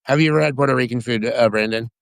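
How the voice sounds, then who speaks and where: A man from Sacramento, California, chatting as a guest, telling stories in an excitable, rambling way with frequent restarts. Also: medium pitch, rapid-fire, no echo. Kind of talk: casual chat.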